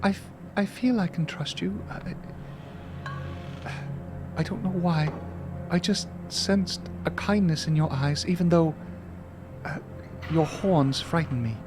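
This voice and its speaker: A man's voice: on the high side, music in the background, pitched above the performer's own voice. A man voicing a frightened young village woman who speaks hesitantly in a tabletop game. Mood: fearful. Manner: hesitant, trembling, halting.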